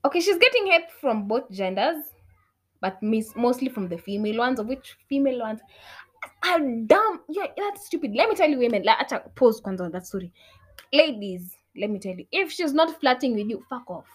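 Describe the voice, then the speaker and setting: A young adult woman, ranting her opinions in casual talk. She swears freely, mixes in Swahili, and swings between loud outbursts and low muttered asides. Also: very animated, fairly quick. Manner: outspoken, swears a lot, switches between English and Swahili. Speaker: vlogger.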